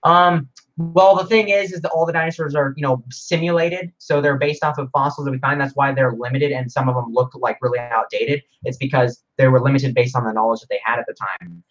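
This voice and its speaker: A man rambles through a casual livestream Q&A, reading viewer comments aloud with excitable energy. His voice sits at an ordinary pitch. It comes through a dull, lo-fi mic. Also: brisk. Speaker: livestream host.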